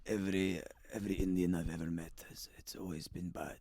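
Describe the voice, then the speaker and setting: A man voicing his grumbling bigoted male boss, low and muttered with slow drawn-out words. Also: little pitch movement, gravelly, darkish tone, no echo. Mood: muttering, grumbling.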